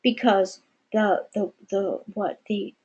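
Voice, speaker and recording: A woman giving a spiritual channeling session, speaking as "we" in a measured way with many pauses. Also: medium pitch, fairly even intonation, darkish tone, slightly rough, highs cut off. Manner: measured, pausing often, speaks as "we". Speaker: channeler answering questions. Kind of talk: slow meditative spiritual channeling.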